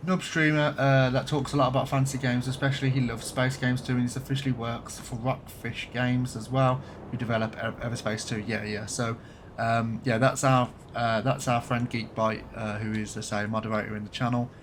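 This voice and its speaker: While live-streaming a game, a man from Birmingham chats casually in a light Birmingham accent, swearing here and there. His mid-range voice shows little pitch movement, and his pace is brisk. Slight background noise comes through.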